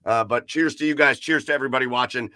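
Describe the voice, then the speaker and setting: A man's voice: mid-range voice, fast, bright, forceful tone, dry recording, studio quality. A man hosting a casual podcast, talking loosely with many fillers and easy laughs. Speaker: podcast host. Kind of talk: casual chat.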